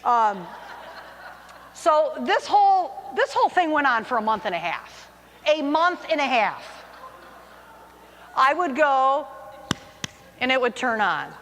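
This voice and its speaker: A woman in her forties tells a self-mocking personal story to an audience, her higher voice swooping with lively pitch. She sounds like a teacher who loves a good anecdote. The sound rings with a long hall reverb. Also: slow, pauses often, slight background noise.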